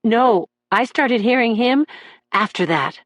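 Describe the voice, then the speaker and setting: A man's voice: very high-pitched, expressive, takes it slowly, no echo, voice pushed up, heavily acted. A woman reading an audiobook voices a troubled young man on trial, testifying in a raw, pleading way about the voices that haunt him. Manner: anguished, raw and pleading, breaking into shouts. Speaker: defendant testifying in court.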